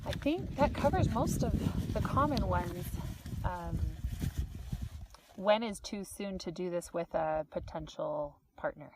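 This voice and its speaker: Low-voiced woman host. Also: animated, slow, slight background noise. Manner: short encouraging replies. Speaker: podcast host. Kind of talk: casual conversation.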